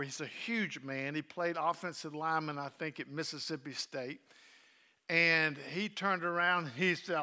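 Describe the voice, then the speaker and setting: A man preaching a sermon woven with personal memories, earnest and heartfelt. His voice sits a little high and sounds bright and forceful. He eases into quiet, soft delivery at the tender moments. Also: normal speed, clean tone. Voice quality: earnest, drops soft when emotional.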